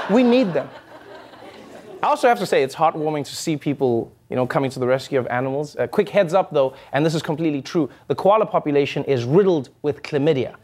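High-voiced man hosting a comedy show. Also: a little mellow. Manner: joking, laughing between punchlines. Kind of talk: scripted comedic commentary.

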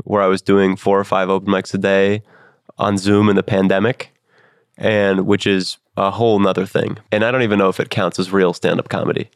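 A young man in his twenties tells stories casually and rambles, with plenty of fillers. His voice is low and gravelly. The recording is close and dry. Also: no echo. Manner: rambling, self-deprecating, many fillers. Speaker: guest comedian. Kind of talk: casual interview talk.

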